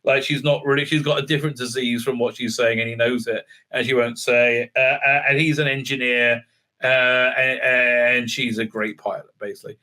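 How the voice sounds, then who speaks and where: A man's voice: medium pitch, level tone, normal speed, pushed and bright. A man giving a casual, mocking review commentary, full of filler words and restarts. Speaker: TV show reviewer.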